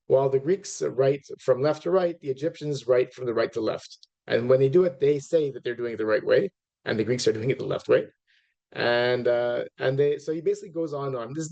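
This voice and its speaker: A middle-aged man gives a relaxed, rambling lecture, often stopping to restart his sentences and turning to speak straight to his audience. His voice has a gravelly, creaky edge, and his pitch sits at an ordinary middle level for a man. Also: brisk, muffled recording. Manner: conversational, many fillers and restarts, asides to audience. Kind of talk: informal lecture.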